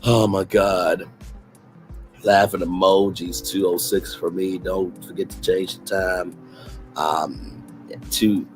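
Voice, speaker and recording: Hosting a livestream late at night, a Southern-accented man gets lively and sassy, reading chat comments out loud. The voice sits low and the audio quality is poor.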